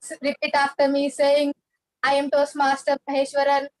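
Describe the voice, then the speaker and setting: A woman hands out forfeits in a firm, instructive way. Her voice is high but very flat in melody, and the sound is dry and close. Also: moderate pace, no room sound, rough recording. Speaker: meeting participant giving forfeits. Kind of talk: casual chat. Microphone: video call.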